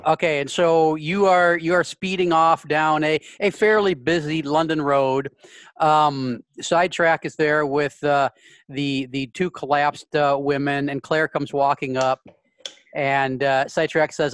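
Man running a tabletop game, casual narration, slightly higher voice, stammers and restarts, swears freely, dry close sound. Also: steady tone, unhurried, a bit bright, clear, resonant tone, no echo. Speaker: game master.

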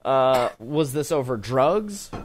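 A man's voice: mid-range voice, animated, takes it slowly. A man hosting a casual podcast, reading news stories aloud and cracking crude jokes between lines. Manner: reads news with crude jokes, laughs often. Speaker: podcast host.

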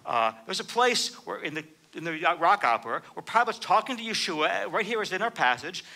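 Bright, lively-voiced male preacher. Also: high-pitched, a little fast, gravelly. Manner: animated, acts out quoted dialogue with rising emphasis. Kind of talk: sermon.

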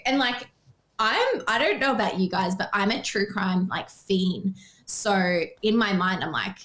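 A woman's voice: medium pitch, measured pace. Chatty young Australian woman. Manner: animated, frequent "like" fillers. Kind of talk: casual storytelling.

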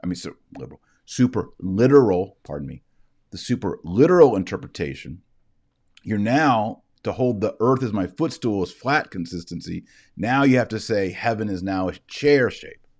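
A man with a notably low voice lectures on scripture from his desk. He explains in an easygoing, conversational way, posing rhetorical questions and then answering them. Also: expressive, normal speed, a little mellow. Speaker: Bible teacher. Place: indoors, seated at a desk with a shared screen.

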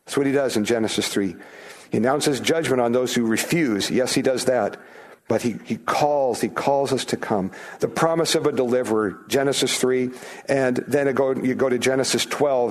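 A man preaching a sermon to his church, chatting with the congregation, asking them questions and acting out quoted voices. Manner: conversational, asks the congregation questions; acts out quoted voices with rising pitch. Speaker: pastor.

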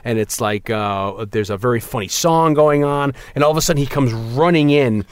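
A man chats on a podcast, spinning long rambling movie stories. His pitch sits in the middle and jumps up whenever he acts out a quote. The recording is close and dry, with no room around him. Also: moderate pace, smooth, no echo. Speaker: podcast co-host. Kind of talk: casual chat about movies.

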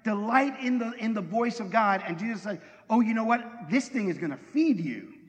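A man's voice: sits high, expressive, normal speed. A middle-aged man preaching a sermon in a conversational, joking way, putting questions to his congregation. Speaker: pastor. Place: church hall. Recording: long hall reverb.

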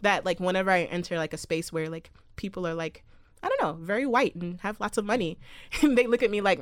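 A woman's voice: fairly low pitch, brisk, no echo, studio quality. A young woman co-hosting a podcast, chatting casually with fillers and frequent laughter. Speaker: podcast co-host. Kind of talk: casual chat.

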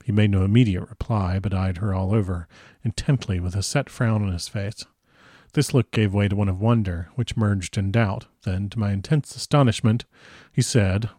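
A man with a lowish voice reads a classic novel aloud in a relaxed, unpolished way. He breaks off now and then to chat casually about his wine or the characters. The sound is dry and close, with no room around it. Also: a little fast, no room sound. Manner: chatty asides between read passages. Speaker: audiobook reader.

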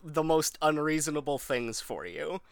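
Higher-voiced man, smooth and dry. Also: expressive, normal speed, no echo. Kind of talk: casual podcast chat.

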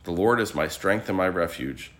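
A man reading morning prayer scripture aloud as a liturgy reader, in a measured, steady recitation. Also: low voice.

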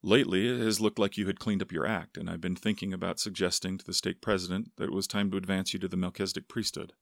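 A man's voice: low voice, steady tone, quick pace, creaky, no echo, clean studio sound. A man voicing a grave, disapproving church bishop. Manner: grave, plain-spoken.

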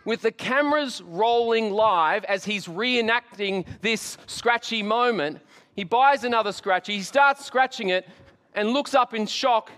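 A high-pitched Australian man preaching with animated, joking storytelling. His voice rings out with a long reverb from a church hall. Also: a little slow. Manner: animated storyteller, jokey asides. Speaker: pastor. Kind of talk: Easter sermon.

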